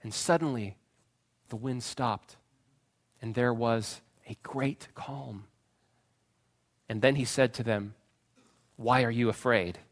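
A man preaching a sermon, retelling a story with dramatic swings from loud pleading cries to hushed, quiet phrases. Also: mid-range voice, slow, pauses often. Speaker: pastor.

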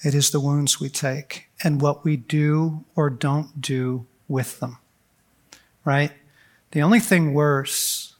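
A middle-aged man giving a heartfelt talk at a men's gathering, earnest and animated, sometimes acting out the voices of people in his stories. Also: medium pitch. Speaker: speaker at a men's conference.

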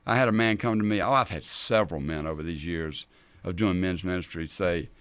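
A man hosting a Bible teaching show, telling scripture stories in an animated way and acting out the people in them. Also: low-pitched, brisk, clear, resonant tone, no echo. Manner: animated, acts out the scripture scenes in character voices. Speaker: men's ministry teacher and show host.

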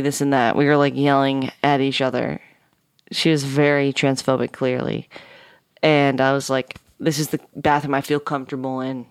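A woman guest telling a personal story on a podcast, animated and profane, acting out the people in it. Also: rumbling low, smooth, no room sound, clean studio sound. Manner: animated, swears a lot, acts out dialogue. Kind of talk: casual storytelling.

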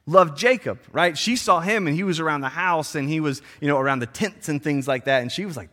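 A man's voice: a little high, lively intonation, fairly quick, hardly any pauses, sharp tone. A man preaching a sermon in a casual, slangy way, acting out the people in the story with playful voices. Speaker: pastor.

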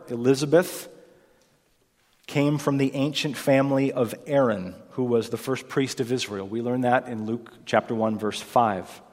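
A man delivers a sermon in a church sanctuary, reading scripture and then explaining it verse by verse. His mid-range voice is emphatic and rises when he quotes. A long hall reverb trails behind every phrase. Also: medium pitch. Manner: emphatic, rising for quoted lines, occasional fillers. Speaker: preacher.

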